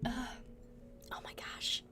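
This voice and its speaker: A woman's voice: slow pace, whispered, over music. A young woman streaming, chatting casually, giggling often and hiccuping now and then. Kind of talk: casual chat.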